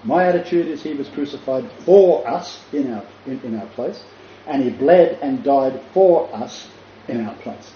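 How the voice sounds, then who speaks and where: Speaking a little slowly in an animated, medium-pitched voice, an older man in Christian ministry leadership gives an emphatic but casual teaching talk. He repeats key phrases and stumbles over fillers, captured in a roomy lo-fi recording with faint noise.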